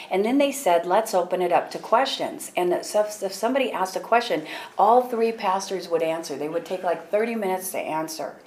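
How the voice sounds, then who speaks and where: A woman leading a women's ministry, sharing a personal testimony with an audience in an animated storytelling way. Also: on the low side, slight background noise, rough recording. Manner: animated storytelling, acts out her own prayers and other people's words; laughs often while telling.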